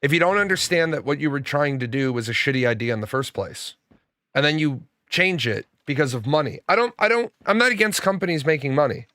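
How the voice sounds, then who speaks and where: A man's voice: a little high, expressive, a little fast, sharp tone, dry recording, clean studio sound. A young adult man streaming a game, telling stories in casual, profane chat with frequent stammers and restarts. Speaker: gaming streamer.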